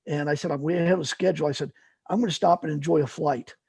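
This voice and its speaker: Middle-aged man, casual storyteller, gravelly and husky, loose rambling delivery. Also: fairly high pitch, steady tone, fast talker, darkish tone, no room sound. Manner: rambling, lots of fillers and restarts. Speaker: guest, paramotor fly-in organizer.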